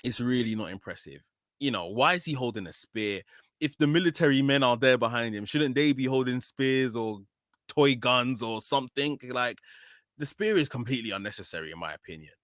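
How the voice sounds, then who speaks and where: A man's voice: mid-range voice, animated, fairly quick, fairly bright tone, dry recording, clean studio sound. A man with a British accent giving a casual, opinionated wrestling review, often frustrated, full of "um" and "you know". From Nigeria.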